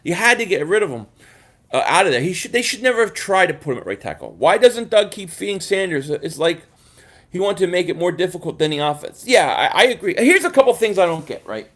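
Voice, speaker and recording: A man's voice: high voice, very animated, brisk, fairly bright tone. A man from the area hosting a fan livestream, ranting in a frustrated, rambling way and reading viewer comments. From Philadelphia area. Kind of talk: casual livestream rant reading chat.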